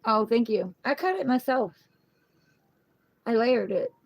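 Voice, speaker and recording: A middle-aged tarot reader hosts a relaxed livestream from home on her phone, talking a little slowly in a fairly high voice. The recording is dry and low quality, and she rambles chattily while cooing fondly at her pet.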